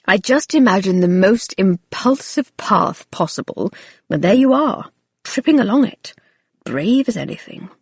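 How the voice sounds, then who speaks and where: A woman voicing a gruff older male family servant who is stern but fond, speaking in a clipped, dry way. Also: medium pitch, animated, measured pace, a little mellow, no echo. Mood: firm.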